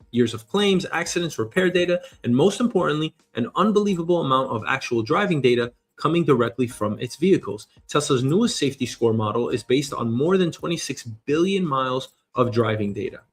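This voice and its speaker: A man hosting a show, giving an energetic motivational monologue, emphatic and casually swearing. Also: medium pitch, normal speed, slightly rough, faint music behind. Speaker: show host.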